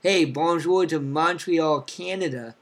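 Young male podcast co-host, a touch higher-pitched, upbeat and chatty, shout-out energy. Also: unhurried. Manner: upbeat, reads out listener cities with shout-outs. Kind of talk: casual chat.

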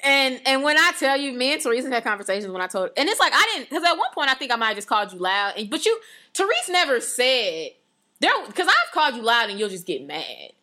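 Animated chatty woman, bright and lively. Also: sits high, quick pace. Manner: animated, chatty, trails off and restarts. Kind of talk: casual chat.

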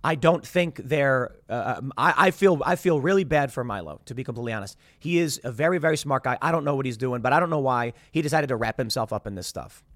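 A man's voice: mid-range voice, expressive, fast talker, few pauses, no echo, clean studio sound. A man hosting his own commentary show, talking casually in a rambling way with many restarts. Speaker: podcast host.

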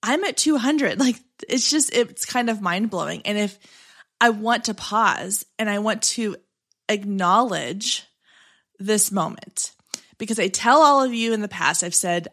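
A woman hosts her own podcast episode. She talks in an upbeat, chatty way, restarts her sentences and often says "like". Her voice sits at a middle pitch. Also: expressive, a little slow, a bit bright. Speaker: podcast host.

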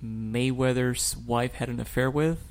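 A man co-hosting a podcast, chatting casually about a TV episode. He speaks in a middle pitch with a wry, joking manner, often turning the talk with a dry aside. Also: fairly even intonation, measured pace. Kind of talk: casual chat reviewing a TV episode.

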